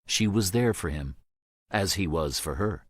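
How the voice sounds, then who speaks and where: Man narrating an audiobook, kinda low voice, steady and measured, dead dry sound. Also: dry recording.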